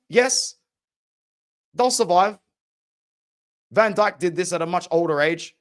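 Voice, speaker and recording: A man's voice: high-pitched, slow pace, long pauses. A young man hosting a football podcast, ranting passionately and opinionated in casual slang. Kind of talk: opinionated sports talk.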